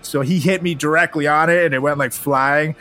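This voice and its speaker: A man's voice: a little high, fairly even intonation, a little fast, pushed and bright. A young man hosting a comedy podcast, telling a funny personal story in a profane, laughing, playful way.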